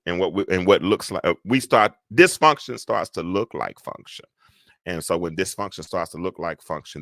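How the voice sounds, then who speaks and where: A man hosting a live call-in talk show, rambling and animated, swinging between loud and soft talk. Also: low voice, dry recording, studio quality.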